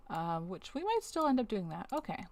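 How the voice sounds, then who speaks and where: With a medium-pitched, darkish voice whose pitch swoops wildly, a woman streamer talks at a moderate pace in a dry recording. She narrates her thoughts in casual chat mid-task, scolding on-screen objects and then apologizing to them, using a webcam setup.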